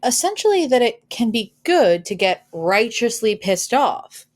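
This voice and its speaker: A woman hosting the video, delivering scripted narration in a clear, measured way. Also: fairly high pitch, sing-song. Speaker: host.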